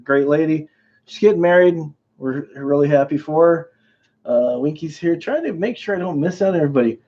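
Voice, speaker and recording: A man's voice: fairly high pitch, animated, a little fast, muffled recording. A man hosting a live stream in casual chat, rambling, laughing often and greeting viewers by name.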